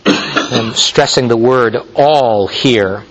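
A male pastor preaching a sermon, teaching in a measured way with frequent small restarts and fillers. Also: mid-range voice, a bit bright, lo-fi sound.

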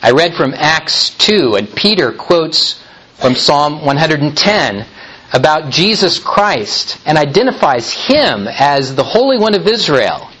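A man preaching a sermon in a slow, deliberate way, now and then turning to speak directly to the children. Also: fairly high pitch, big pitch swings, fairly bright tone, breathy edge, rough recording. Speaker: pastor.

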